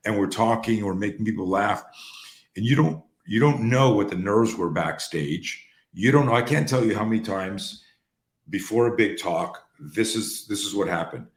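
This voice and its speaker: A man hosting and coaching on a call, telling stories in a lively, profane way and acting out the dialogue. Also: on the low side, normal speed, reverberant. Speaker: host and coach. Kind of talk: conversational storytelling on a call. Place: room on an online call.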